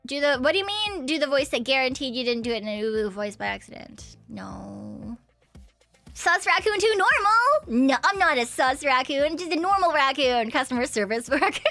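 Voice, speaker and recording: Bright-pitched woman streamer, playful casual chat, giggles and repeated yeses, soft music underneath. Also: big pitch swings, moderate pace, gravelly.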